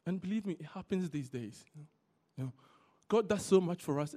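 A man preaching a sermon, repeating key words for emphasis and telling stories in an animated way. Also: sits high, fairly quick. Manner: animated storytelling.

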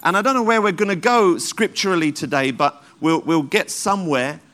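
A man pastor, preaching fervently in church. His voice sits a little higher than most men's, and he leans on repeated calls of praise as he builds his sermon. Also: brisk, fairly bright tone. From London, England.

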